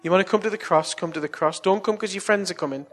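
A preacher with a husky, slightly raised voice. He spins a yarn like a chat among mates, then turns it into earnest, coaxing appeals. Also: high voice, fast talker, a bit bright, soft background music. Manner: chatty, anecdotal storytelling. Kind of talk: evangelistic sermon and altar call.

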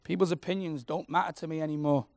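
Fervent man preaching, gravelly voice. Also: fairly high pitch, steady tone, fast, no room sound. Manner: passionate, swings from loud to soft and intimate. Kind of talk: sermon.

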